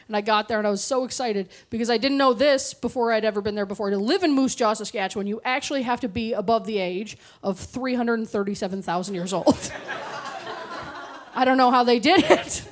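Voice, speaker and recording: A woman from Canada performing a stand-up comedy set on stage, with animated, mock-indignant storytelling. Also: a little high, moderate pace, a little hiss or hum. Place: comedy club stage with audience laughter.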